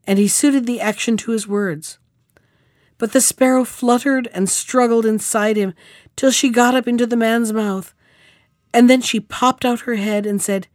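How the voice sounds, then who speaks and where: A woman hosting a podcast, reading a fairy tale aloud in a measured, clear way. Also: on the high side, darkish tone, dry recording, clean studio sound. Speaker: podcast storyteller.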